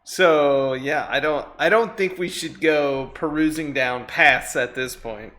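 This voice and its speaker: A man's voice: a little high, slow, fairly bright tone. A man playing a tabletop game, joking and laughing often in casual chat. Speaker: player.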